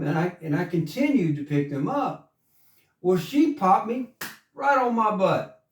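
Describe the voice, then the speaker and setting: A man's voice: high voice, lively intonation, a little slow. A man from coastal Georgia, telling an easygoing, folksy story. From coastal Georgia, USA. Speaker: singer and storyteller. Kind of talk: spoken story then country song. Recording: roomy sound from a distance, with guitar. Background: guitar music.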